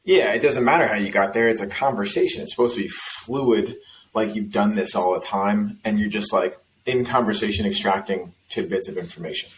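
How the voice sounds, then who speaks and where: Laid-back lower-voiced man with faint noise. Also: a little fast, poor audio. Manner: relaxed, rambling, with fillers. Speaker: host. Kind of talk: casual podcast chat.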